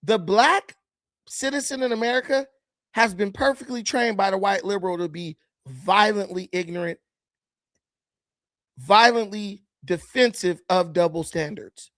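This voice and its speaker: In a dry recording, a high-voiced man talks a little slowly as he reacts to clips, bluntly and combatively ridiculing the people he watches. His volume lurches up and down without warning.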